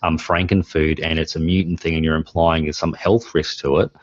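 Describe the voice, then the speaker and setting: Podcast host, man, forties, very low voice, rambling anecdotes, dry dull lo-fi recording. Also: flat delivery, fairly quick, dry recording. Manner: rambling storyteller, laughs often. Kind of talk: casual chat.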